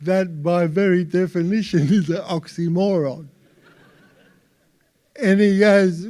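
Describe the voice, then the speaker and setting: Aussie guy doing stand-up, slow and stammery, smooth clear voice. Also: sits high, steady tone, a little mellow. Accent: Australian. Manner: slow, halting delivery with repeated words. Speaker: stand-up comedian. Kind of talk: stand-up comedy. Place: live stage before an audience.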